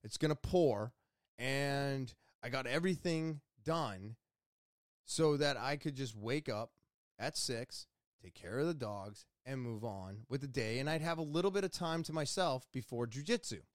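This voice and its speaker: A man's voice: mid-range voice, a little slow, no room sound. Exasperated man telling a story, dry sound. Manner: animated, exasperated retelling with quoted inner thoughts. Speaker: vlogger. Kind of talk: casual storytelling to camera.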